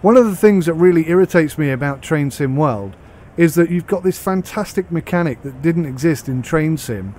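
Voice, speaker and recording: A man's voice: fairly high pitch, expressive, normal speed, few pauses, darkish tone, a little hiss or hum. A British man giving a casual, rambling commentary on a train game as he plays, thinking aloud. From United Kingdom. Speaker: game reviewer.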